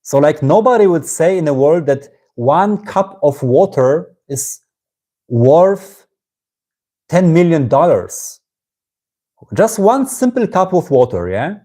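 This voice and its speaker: German-accented male satsang teacher, mellow tone, reflective with tag-question "yeah?"s. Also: fairly high pitch, very animated, slow. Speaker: spiritual teacher. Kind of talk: live-streamed satsang talk.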